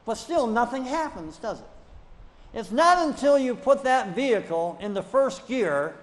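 A male pastor gives a sermon in a lively preaching manner, often climbing into loud, pressing rhetorical questions. His voice sits high for a man. The sound carries the long reverb of a church sanctuary. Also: measured pace.

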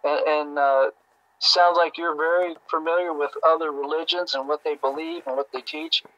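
A Jehovah's Witness man in a phone debate, speaking hesitantly with halting restarts as he searches for words. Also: fairly high pitch, gravelly, no echo, dull audio.

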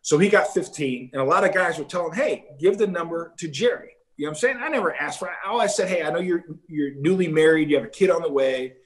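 A middle-aged former ballplayer talks fast, with hardly any pauses, in a voice on the high side. In a casual interview he spins stories with animation, acting out the lines other people said.

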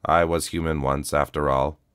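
Battered old cyborg, read by a man, flat and calm, very deep, dry close audio. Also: normal speed, clear, resonant tone, no echo. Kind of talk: audiobook reading.

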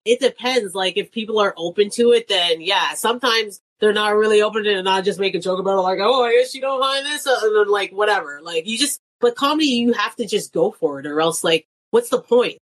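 A woman's voice: medium pitch, a little fast, hardly any pauses. A woman in her thirties, a comedian and nurse, chatting casually as a guest, laughing often and acting out quoted voices. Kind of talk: casual chat.

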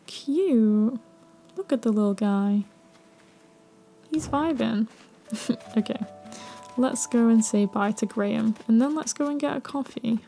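A young woman talks through a cosy game in a gentle, slightly high voice. Her tone is mellow and warm, cheerful and gushing, with the occasional hushed whisper. She is close to the mic. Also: unhurried, pauses often, soft background music. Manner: soft, cheerful and gushing, with quiet whispered asides. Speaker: gaming video creator. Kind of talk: cosy gameplay commentary.

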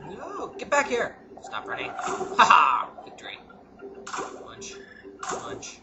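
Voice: medium pitch, huge pitch swings, slow, muffled recording. A gamer giving casual let's-play commentary, muttering to themself with sudden yelps and cheers. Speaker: gameplay commentator. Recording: loud background noise.

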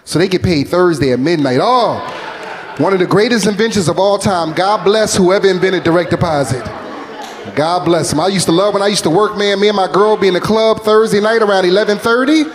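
High-voiced comedian in his forties. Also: fairly quick. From North Philadelphia, USA. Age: 40s. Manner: loose, animated storytelling, peppered with "man". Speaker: stand-up comedian. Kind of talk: stand-up comedy set. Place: comedy club stage.

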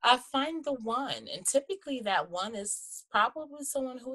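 Lively, bright-voiced woman podcast host. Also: fairly high pitch, normal speed, few pauses. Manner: animated, slangy, calls guest "girl". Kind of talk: casual interview chat.

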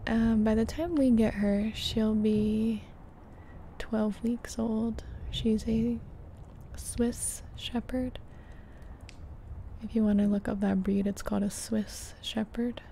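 A young woman speaks in a hushed, half-whispered ASMR style, chatting with her livestream viewers. Her slightly high voice has a mellow, dark tone with a gravelly, fry-laced edge. She talks slowly, with a faint hiss of background noise. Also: fairly even intonation. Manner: hushed, half-whispered, reading chat names aloud. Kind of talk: soft-spoken ASMR livestream chat.

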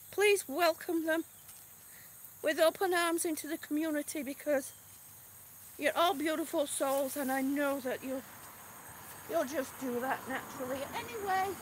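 A woman's voice: high voice, normal speed, pauses often, slight background noise. A middle-aged woman vlogging outdoors in casual live-stream chat, chatty and a little exasperated, with sighs. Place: outdoors on grass. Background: crickets and passing cars.

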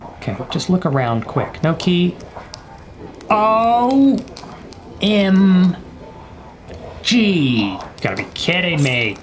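A man's voice: medium pitch, lively intonation, moderate pace, slight background noise. A young man casually commenting while playing a horror game, joking with the game and his viewers and sometimes dropping to a whisper. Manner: jokey, talks to the game and viewers, whispers when scared. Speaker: gaming YouTuber.

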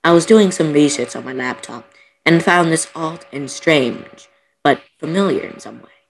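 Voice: medium pitch, normal speed, slight background noise, poor audio. A person on a voice call reading a creepy story aloud through a computer mic, melodramatic and now and then breaking off. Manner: melodramatic, breaks off with gasps and giggles.

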